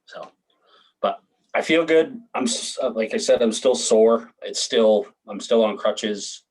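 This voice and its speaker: On a rough recording, a podcast co-host in his 30s chats casually while recovering from hip surgery, relaxed, cursing and laughing a lot. He has a fairly low, husky, darkish voice and an unhurried delivery.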